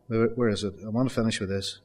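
A man's voice: lowish voice, steady tone, fast talker, a little mellow. A man preaching a sermon, earnest and building to emphatic raised peaks, often addressing his congregation as folks.

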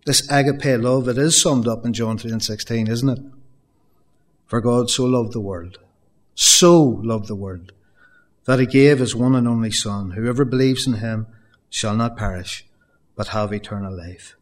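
A man delivers a sermon to his congregation. His pitch sits in the middle range for a man. He preaches earnestly and builds emphasis by repeating phrases. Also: fairly even intonation, moderate pace. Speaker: pastor.

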